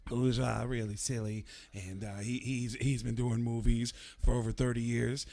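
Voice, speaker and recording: A man from the Bronx, a comedian and voice actor, telling stories as a radio guest in a lively way, slipping into voices. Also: mid-range voice, moderate pace, creaky, soft background music. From the Bronx, New York. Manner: animated storyteller, slips into voices. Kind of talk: casual radio interview storytelling.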